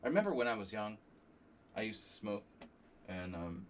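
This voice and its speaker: A man from New Jersey streaming a chess simul, thinking aloud in a halting, casual way and coughing now and then. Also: on the low side, big pitch swings, a little hiss or hum. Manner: halting, muttering through chess moves with fillers.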